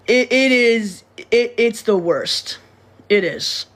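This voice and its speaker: Speaking slowly in a voice on the high side, a young woman talks casually to her livestream viewers. She rambles, repeats words and restarts sentences often, and she's blunt, swearing freely.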